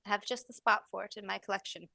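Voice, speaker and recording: A woman's voice: medium pitch, fairly even intonation, quick pace, creaky, bright, forceful tone, dry recording. Woman playing a gracious Scottish society hostess. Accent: light Scottish. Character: poised wealthy woman art patron, host of soirees.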